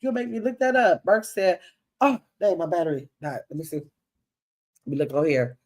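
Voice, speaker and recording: Older woman in AAVE, livestream host, reads chat comments, gets excited, loose and chatty. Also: lowish voice, normal speed. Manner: chatty, animated, Southern US dialect grammar.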